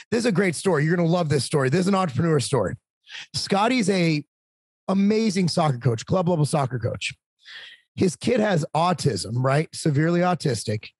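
Brief: talkative man in his forties, a bit high-pitched, husky, dry close sound, casual stories. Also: dry recording. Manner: talkative, animated, swearing. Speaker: podcast guest. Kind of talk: casual storytelling.

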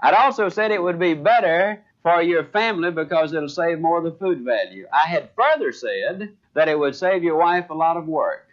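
An older man gives a motivational sales talk in a high, animated voice that swings widely in pitch. He acts out the people in his stories. The recording sounds dull and lo-fi. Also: normal speed, few pauses. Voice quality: animated storyteller voicing dialogue. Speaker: sales trainer. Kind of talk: motivational speech.

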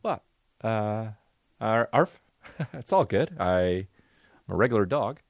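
This is a streetwise male stray dog voiced by a man, lazy and totally unbothered. He drawls in a voice pitched well below the speaker's own. The sound is dry, with no room on it. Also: animated, slow, creaky, dry recording, heavily acted. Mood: innocent.

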